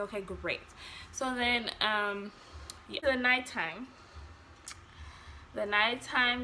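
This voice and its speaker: A woman's voice: mid-range voice, slow, pauses often, sharp tone, slight background noise. A young woman telling a personal story in a casual vlog, acting out quotes and swearing freely. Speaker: vlogger.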